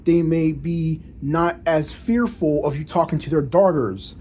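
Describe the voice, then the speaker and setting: Man, fairly high voice, proper diction, restarts often, casual vlog monologue with faint noise behind. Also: steady tone, unhurried, a little mellow. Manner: frequent restarts and repeated words. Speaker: vlogger.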